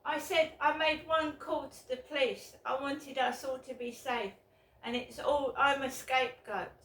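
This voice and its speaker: Swearing angry woman in an echoey room. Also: high voice. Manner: bitter, swearing, shouting outbursts. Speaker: vlogger. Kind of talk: angry ranting vlog. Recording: roomy echo, mic at a distance.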